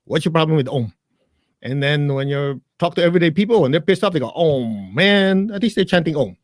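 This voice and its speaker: Speaking fast in a fairly high, darkish voice, a male guest explains meditation bluntly and jokingly to listeners during a live interview. He then leads them through a chant, captured as a dry recording with clean studio sound.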